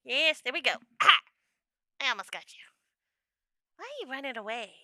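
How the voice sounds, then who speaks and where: A woman's voice: sits high, big pitch swings, normal speed, sharp tone. A young woman chatting casually on a home livestream, laughing often and acting out her own quotes. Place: home room.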